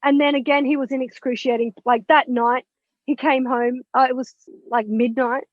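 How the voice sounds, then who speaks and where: Podcast guest: frank, lively woman with a high voice, on a dull lo-fi recording. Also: moderate pace, no echo. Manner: animated, candid, swears and laughs while recounting. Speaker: podcast guest, spiritual mentor. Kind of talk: personal storytelling in an interview. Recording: dull lo-fi, dry sound.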